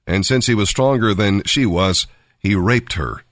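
A man narrating a Bible story in an expressive storytelling manner. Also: lowish voice, measured pace, no echo, clean studio sound.

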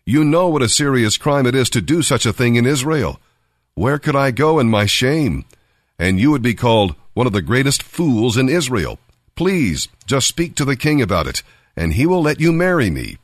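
A man's voice: medium pitch, very animated, moderate pace, no room sound, studio quality. A man voicing a desperate young woman, a princess pleading in a distraught, raised voice.

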